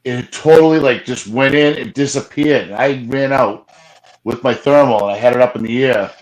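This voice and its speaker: Rambling excited man telling a story. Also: medium pitch, normal speed, low-quality recording. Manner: rambling, excited retelling with many restarts. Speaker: Bigfoot field investigator guest. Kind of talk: casual storytelling on a live show.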